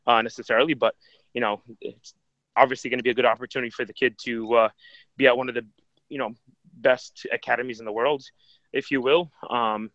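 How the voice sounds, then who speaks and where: A man's voice: mid-range voice, fairly bright tone, no room sound. A man co-hosting a casual football podcast, giving his views hesitantly with many ums and you-knows. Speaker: podcast co-host. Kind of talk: casual chat. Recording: dry, dull lo-fi line.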